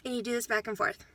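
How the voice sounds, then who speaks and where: Blunt bright-voiced woman vlogger. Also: a little high, no room sound. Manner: blunt, frank and swears freely; fired up, lecturing viewers. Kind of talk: casual talk to camera.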